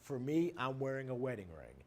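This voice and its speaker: A man's voice: medium pitch, huge pitch swings, a little fast. A married man teaching a class, explaining terms one by one with everyday examples in a plain lecture manner. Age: adult, married. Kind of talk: recorded lecture on nonverbal communication.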